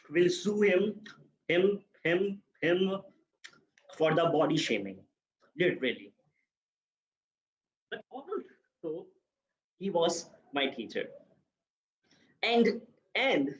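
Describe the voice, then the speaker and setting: A young man in his twenties with a Pakistani accent gives a prepared speech at a speaking club, often repeating words as he searches for the next phrase. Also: high voice. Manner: halting, repeats many words while searching. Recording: echoey, muffled room recording.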